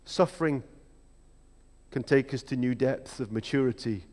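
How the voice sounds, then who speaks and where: A man preaching a sermon in a reflective, measured way, with emphatic rhetorical questions. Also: medium pitch, a little mellow. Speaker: pastor. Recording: long hall reverb.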